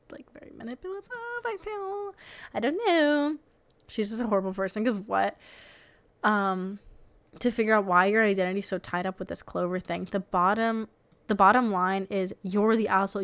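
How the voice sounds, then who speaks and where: A woman's voice: mid-range voice, normal speed. Incredulous young woman reacting to posts. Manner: incredulous, swears freely, laughs often. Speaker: streamer reading and reacting to online posts. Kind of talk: casual reaction commentary.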